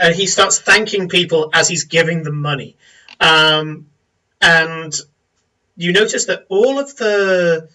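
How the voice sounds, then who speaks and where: A man narrating a tabletop game as game master, descriptive and unhurried, with many small pauses and fillers. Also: fairly high pitch, bright, forceful tone, recorded from a distance, low-quality recording.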